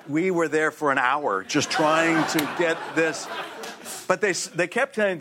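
Animated middle-aged man telling a story. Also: on the high side, moderate pace, background noise. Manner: lively storyteller, acts out voices, laughs often. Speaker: guest actor. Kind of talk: talk show anecdote. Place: TV talk show studio.

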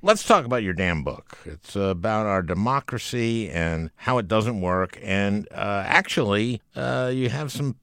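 A man hosting a casual interview, joking and cutting in with quick remarks. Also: on the low side, animated, a bit bright, smooth, no echo, clean studio sound. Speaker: interview host.

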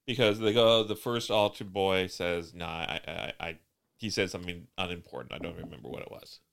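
Male podcast co-host, smooth clear voice, wry deadpan recapper. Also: low-pitched, brisk. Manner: dry, wry storytelling with deadpan teasing. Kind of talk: casual chat recapping a TV episode.

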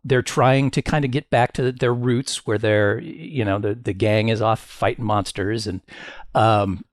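A man co-hosting a casual podcast chat, giving measured, hedged opinions. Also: lowish voice, fairly even intonation, no room sound, clean studio sound. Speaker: podcast co-host.

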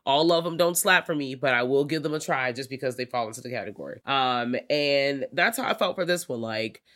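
A podcast co-host chatting casually about found footage films, swearing freely and leaping higher when acting out reactions. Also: fairly quick. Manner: animated, profane, leaps high when acting out reactions. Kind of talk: casual film review chat.

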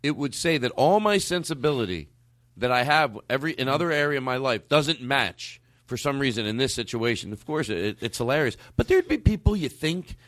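Animated, swearing man host, dry sound. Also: medium pitch, fairly quick, no room sound. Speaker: podcast host. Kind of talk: casual chat.

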